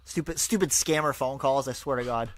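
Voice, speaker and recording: A man's voice: medium pitch, brisk, no room sound. A man giving his opinions in an assertive, lecturing way. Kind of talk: opinionated talk.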